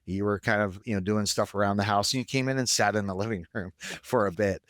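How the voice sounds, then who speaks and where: A man co-hosting a casual podcast, telling stories in an animated way that swings between excitement and deflation. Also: fairly low pitch, quick pace, dry recording, clean studio sound. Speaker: podcast co-host. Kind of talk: casual conversational podcast chat.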